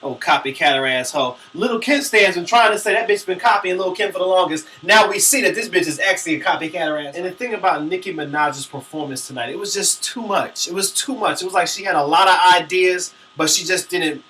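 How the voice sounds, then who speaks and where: A man's voice: high voice, brisk, hardly any pauses, sharp tone, distant mic, a little hiss or hum. A man vlogging a brash, profane celebrity gossip rant. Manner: sassy, brash, dramatic.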